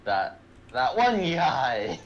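A young man talking over a game with a buddy in a laid-back, dry way, tossing in mumbled asides. His pitch still moves around a lot when something happens on screen. Faint typing and room noise sit under his voice. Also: sing-song, extremely slow, lo-fi sound. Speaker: gamer on voice chat. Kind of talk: casual gaming banter.

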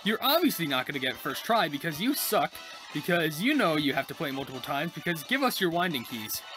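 Let's-play host, mid-pitched voice, rambling exasperated self-talk, faint game music underneath. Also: big pitch swings. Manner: chatty, talks to self while playing, quick frustrated exclamations. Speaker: gaming YouTuber. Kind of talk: casual let's-play commentary.

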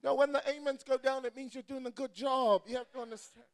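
Preacher guy shouting a sermon, really high voice, gravelly. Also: fairly even intonation, fast. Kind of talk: energetic sermon. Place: church or event hall.

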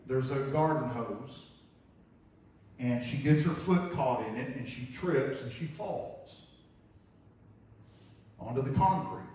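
A man's voice: medium pitch, a little mellow. A man preaching a sermon, telling an illustration story in an earnest, vivid way and often repeating phrases. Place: church sanctuary. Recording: very echoey hall, mic far off.

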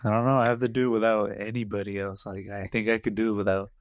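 A man's voice: lowish voice, flat delivery, fast talker, no echo, clean studio sound. A man on a podcast, talking hesitantly and nervously in casual chat. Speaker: podcast co-host. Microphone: studio podcast mic.

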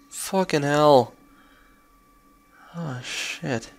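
A young man narrating his gameplay with a gravelly, creaky voice. He talks at an unhurried pace but keeps breaking into frustrated curses and sarcastic remarks at the game. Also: mid-range voice. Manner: swearing, frustrated outbursts and sarcastic asides. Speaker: gameplay commentator. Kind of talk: let's play commentary.

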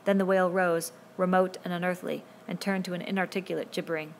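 A woman narrating a novel in a steady, measured way, with a voice on the low side for a woman. A faint hiss sits beneath the reading. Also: vocal fry. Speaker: audiobook reader.

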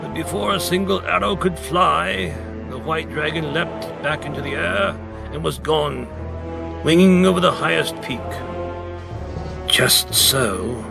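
A man reading a picture book aloud with dramatic, emphatic storytelling, with music clearly behind him. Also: fairly high pitch. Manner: dramatic, slow, emphatic narration. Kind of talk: expressive read-aloud storytelling.

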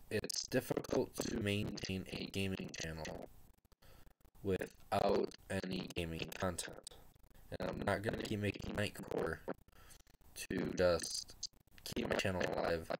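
A teenage boy speaks slowly in a low, gravelly voice, close to tears. He stumbles, trails off and restarts his sentences. The home recording carries steady noise and clicks. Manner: halting and hesitant, trailing off and restarting. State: tearful, on the verge of crying. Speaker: gaming YouTuber. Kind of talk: emotional farewell vlog.

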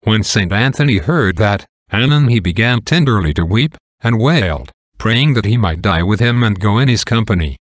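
A man giving a slow, measured reading of saints' lives in archaic prose. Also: lowish voice, expressive, no echo, clean studio sound. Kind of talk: slow reading of an old text.

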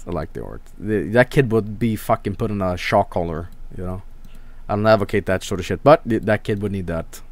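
A man streaming, chatting casually to his viewers in a rambling, crude, swear-filled way. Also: lowish voice.

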